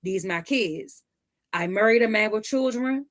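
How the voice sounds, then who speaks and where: Animated woman telling a family story. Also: medium pitch, measured pace. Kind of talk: casual storytelling.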